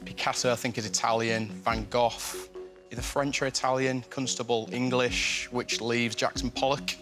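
A man's voice: mid-range voice, flat delivery, moderate pace. A male quiz contestant reasoning his way through an answer, hesitant and thinking aloud. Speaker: game show contestant. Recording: music under the voice.

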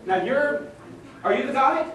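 A woman directing young actors in a play rehearsal, giving brisk, instructive, encouraging cues. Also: high voice, expressive, a little hiss or hum. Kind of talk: coaching a rehearsal. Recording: echoey hall from far off.

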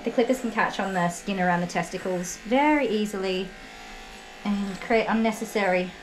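A woman dog groomer, talking softly and chattily to a dog as she works, with asides to viewers. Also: medium pitch, a little hiss or hum. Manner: soothing, repetitive praise, chatty. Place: grooming salon. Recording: echoey room. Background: electric clippers buzzing.

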